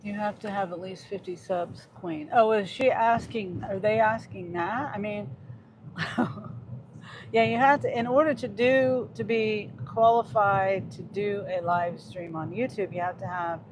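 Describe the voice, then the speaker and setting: A woman's voice: medium pitch, measured pace. A woman livestreaming as a delivery driver, chatting casually and reading viewer comments aloud while she drives. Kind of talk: casual live stream chat. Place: inside a car while driving. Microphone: phone mounted on the dash. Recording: noisy in-car phone recording.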